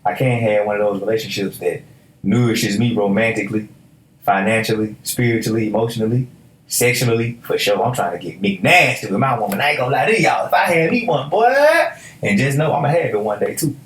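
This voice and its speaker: A man's voice: on the low side, a little fast, fairly bright tone. A young man, hosting a solo motivational podcast in an emphatic, preachy, casual way with stammered restarts. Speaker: podcast host. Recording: echoey room.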